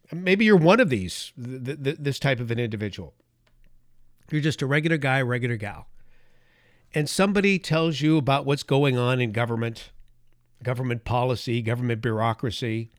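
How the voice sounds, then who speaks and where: Heated man, fairly high voice, dry sound. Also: dry recording. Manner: heated, emphatic, repetitive restarts. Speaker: political commentary host. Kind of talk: opinion monologue.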